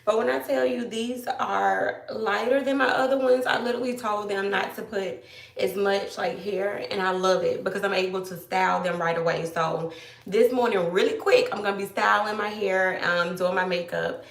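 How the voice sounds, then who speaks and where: A woman from Georgia, chatting casually to viewers on a live stream, greeting them by name and a little hoarse after being ill. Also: mid-range voice, steady tone, moderate pace, reverberant, recorded from a distance. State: slightly hoarse after illness. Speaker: livestream host.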